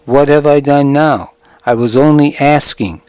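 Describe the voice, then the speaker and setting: A man's voice: fairly high pitch, unhurried, darkish tone, clear, resonant tone, no room sound, natural voice. A man voicing a boastful young shepherd in an audiobook, whiny and bragging. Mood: whining.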